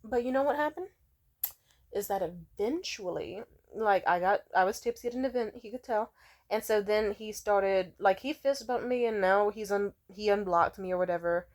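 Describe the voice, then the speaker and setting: A woman's voice: mid-range voice, normal speed. A young woman ranting casually into her phone, blunt, profane and sarcastic. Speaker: vlogger. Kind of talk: casual rant to camera.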